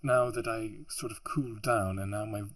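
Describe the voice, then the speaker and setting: A man's voice: on the low side, fairly even intonation, normal speed, a bit bright, no echo. A man who narrates audiobooks as a hobby, ranting in exasperation with a sore throat, rambling with restarts and sighs, recorded at home on a laptop mic. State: sore throat, hot and sweaty. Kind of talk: frustrated off-script rant. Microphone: laptop mic behind a makeshift pop filter.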